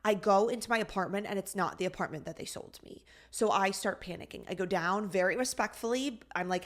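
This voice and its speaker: A woman co-hosting a casual podcast, recounting a frustrating day in an animated, exasperated voice. Her pitch sits mid-range for a woman. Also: fairly quick, few pauses. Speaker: podcast co-host. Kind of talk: casual storytelling chat.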